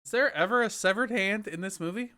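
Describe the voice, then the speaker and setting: A man co-hosting a casual movie review podcast, giggly and quick with questions. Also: sits high, bright, forceful tone. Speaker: podcast co-host.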